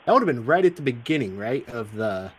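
A man's voice: medium pitch, big pitch swings, quick pace, breathy edge. A man hosting a podcast, asking questions in a chatty way and laughing along with his guest. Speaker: podcast host. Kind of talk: casual interview.

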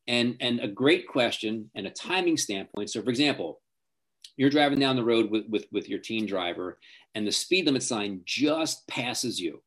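A man's voice: medium pitch, lively intonation, moderate pace. A middle-aged man, a driving coach, giving emphatic advice as an interview guest. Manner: emphatic, acts out quoted parents and teens.

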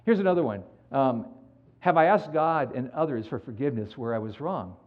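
A man preaching a sermon as pastor, animated and acting out the people in his stories. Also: medium pitch, brisk, dull audio. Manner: animated storytelling, acts out quoted dialogue.

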